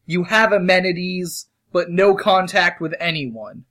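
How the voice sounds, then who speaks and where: A man with a high voice co-hosting a casual chat. He is playful and keeps cutting in with a string of "no, no, no" before he argues his own point. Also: sharp tone. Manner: playful, quick to object with repeated "no, no". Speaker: co-host.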